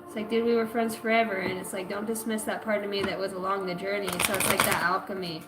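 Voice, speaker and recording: A woman doing spiritual readings talks quickly and flatly in a mid-range voice during a live stream. The reading is loose and rambling, heavy on slang and curse words, captured in an echoey room with background music.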